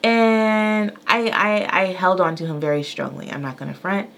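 Pitched on the low side and moving at an ordinary pace, a woman co-hosting a podcast shares a candid anecdote from her life as a mother. She's animated throughout and voices the quotes as she goes.

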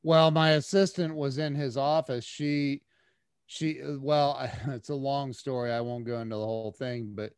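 Male podcast guest, lively storyteller who stumbles over repeated words, dry close-mic sound. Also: mid-range voice, moderate pace, smooth, no room sound. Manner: animated, many restarts and repeated words. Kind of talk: casual storytelling interview.

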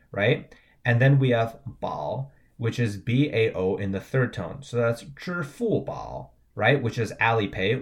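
A man with a somewhat low voice co-hosts a relaxed language lesson podcast. He walks through words letter by letter, naming each tone in an easygoing teaching chat. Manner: spells out pinyin and tones. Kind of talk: casual teaching banter.

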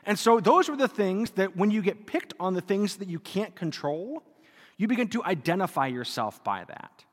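A man's voice: high voice, sing-song, normal speed. A man in his thirties, a Catholic priest, preaching a conversational, self-deprecating sermon to a live congregation. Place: church before a live congregation. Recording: reverberant church hall.

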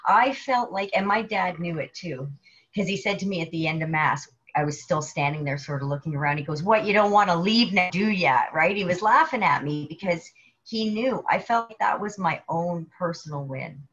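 Female co-host, casual faith talk, chatty and expressive, slightly muffled audio. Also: lowish voice, moderate pace. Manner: animated storyteller, acts out quoted people. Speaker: podcast co-host. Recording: dull lo-fi sound.

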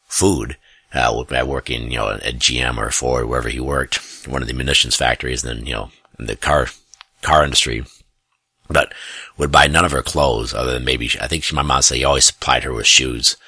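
In a dry, studio-quality recording, a middle-aged Midwestern man rambles through a family story, often chuckling and correcting himself as he casually shares it. His voice is a rumbling low, gravelly and slightly rough, yet pushed and bright.

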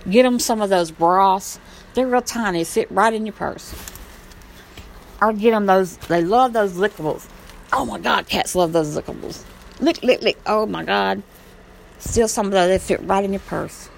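Gravelly woman ranting in a blunt vlog. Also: mid-range voice, a little hiss or hum, low-quality recording. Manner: blunt, rambling and impassioned, swears freely. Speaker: vlogger. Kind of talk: casual monologue.

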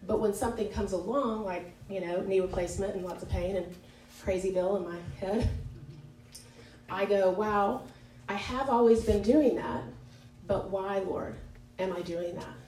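A woman with a warm, mellow voice leads an informal devotional talk, speaking frankly and conversationally and often correcting herself mid-sentence. She is recorded from across an echoey church room. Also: medium pitch, moderate pace. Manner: conversational and candid, with many fillers and self-corrections. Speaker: women's Bible study leader. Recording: echoey room, picked up from a distance.

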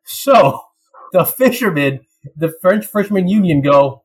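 A young man in casual chat, telling a story with lots of laughs and quick put-on voices. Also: high-pitched, husky, low-quality recording. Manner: animated storytelling, laughs often, slips into voices.

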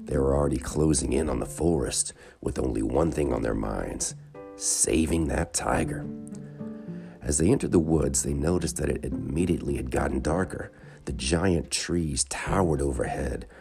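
A man narrating a children's adventure story in a calm, measured way. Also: very deep voice, gravelly.

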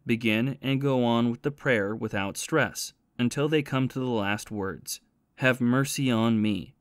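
A man reading the part of a learned male scholar in an audiobook, earnest and measured as he teaches about prayer. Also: mid-range voice, no echo, clean studio sound, natural voice. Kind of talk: audiobook reading of a spiritual classic.

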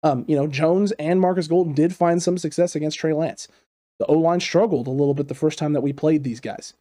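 A man hosts a football talk show in a lively, emphatic way, hammering points home by repeating them. His voice sits a bit high while its tone stays mellow. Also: fairly quick. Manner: animated, repetitive emphatic phrasing. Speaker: sports show host. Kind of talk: casual football analysis chat.

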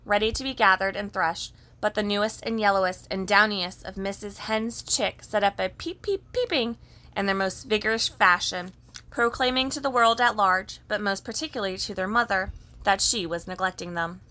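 A woman narrates a children's story with a gentle, even delivery. Her voice is bright and crisp, at a middle pitch. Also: normal speed. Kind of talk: reading a children's story aloud.

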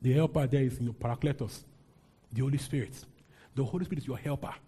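A man's voice: mid-range voice, fast, warm tone, breathy edge. A man preaching a sermon as pastor, leading his congregation in call-and-response scripture reading. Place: church with a congregation.

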